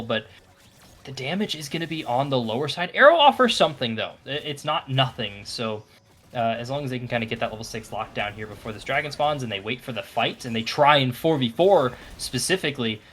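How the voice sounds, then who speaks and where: A man giving relaxed, analytical commentary on a live esports match, thinking aloud with frequent fillers and restarts. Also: medium pitch, fairly quick, slight background noise. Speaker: esports caster. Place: broadcast booth.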